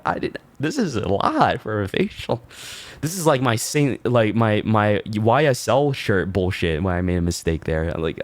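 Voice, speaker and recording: A man streaming, telling a story in casual chat, animated and laughing, swearing freely with many fillers. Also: lowish voice, normal speed, no echo.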